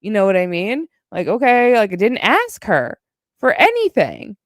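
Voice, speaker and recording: A woman's voice: mid-range voice, wildly swooping pitch, moderate pace, dry recording, clean studio sound. A woman streamer ranting on a casual livestream, heated and profane, with a mocking edge.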